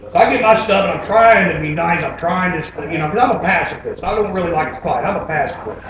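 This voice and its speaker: A high-voiced man telling comic stories on stage in a laid-back, rambling way. He is heard from far off in a very echoey room. The live recording sounds dull, with steady background noise. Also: fast talker, crowd noise. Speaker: storyteller. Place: stage before an audience.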